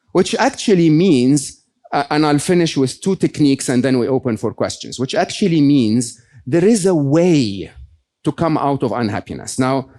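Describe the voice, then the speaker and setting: A man's voice: fairly high pitch, mellow. A man giving a conversational motivational talk to a live audience, often checking in with "okay?" and "right?". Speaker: keynote speaker.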